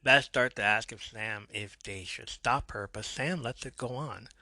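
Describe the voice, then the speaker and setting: A man hosting a podcast, recapping a TV episode in a casual way with joking asides and quick self-corrections. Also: mid-range voice, sharp tone, no room sound. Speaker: podcast host.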